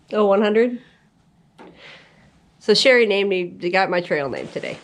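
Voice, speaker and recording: A woman hiker talking to her camera on a mountain trail, chatty and giggly as she tells a story. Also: mid-range voice. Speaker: thru-hiker vlogger. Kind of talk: casual outdoor vlog narration.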